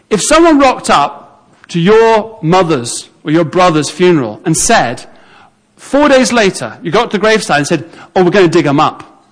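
A man with a notably high voice delivers a sermon. He tells the story vividly and acts out how the onlookers would have reacted. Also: fairly bright tone. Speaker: preacher.

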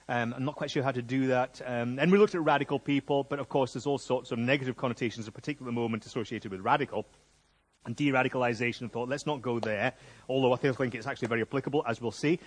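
A middle-aged man preaching a sermon in a jokey, conversational, lively way. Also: mid-range voice, fast.

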